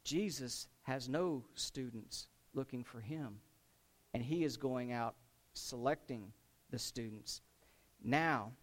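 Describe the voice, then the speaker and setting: A man preaches a sermon, retelling a scripture story. He swings lively between loud, dramatic lines and low, quiet emphasis.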